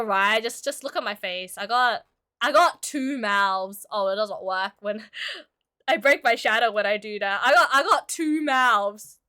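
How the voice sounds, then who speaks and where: In a medium-pitched, bright, forceful voice, a woman who streams and illustrates chats casually with her audience while she draws. She giggles, leans heavily on filler words, and coughs from time to time since she's sick.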